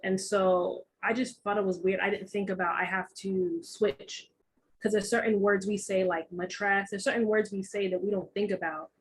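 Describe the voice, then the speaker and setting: A young adult woman from Texas co-hosting a podcast in casual chat, telling stories in an animated way and acting out quoted voices. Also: mid-range voice, normal speed, slight background noise, poor audio. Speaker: podcast co-host.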